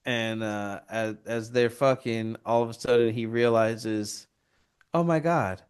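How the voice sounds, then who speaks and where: A man's voice: fairly low pitch, unhurried, clean tone. A man co-hosting a podcast, retelling a film plot in casual, profane chat and acting out the characters' lines. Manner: profane, animated retelling with quoted voices. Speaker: podcast co-host.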